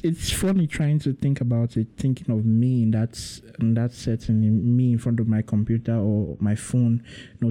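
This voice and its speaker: A man hosts his own podcast, thinking aloud in a loose, rambling way. His voice is very dark and mellow, sitting at an ordinary middle pitch. He keeps circling back with "you know" as he muses. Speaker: podcast host. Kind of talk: casual solo podcast monologue.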